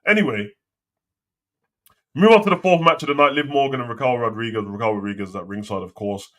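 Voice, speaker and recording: Young man, bright voice, ranting wrestling host, swears a lot, slangy. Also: mid-range voice, fairly quick. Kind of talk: casual live commentary and rant.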